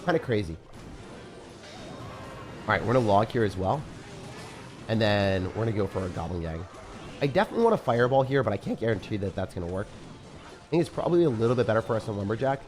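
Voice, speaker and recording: Hoarse low-voiced man streaming a game. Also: big pitch swings, fast talker, pauses often, soft background music. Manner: casual, chatty, reads viewer comments aloud. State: rough morning voice. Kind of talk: live gameplay commentary and chat reading.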